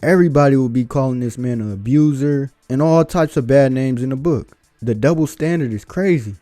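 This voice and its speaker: A man's voice: medium pitch, brisk, mellow, no echo, studio quality, faint music behind. Blunt, lecturing male commentator. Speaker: reaction video host. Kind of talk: opinionated commentary.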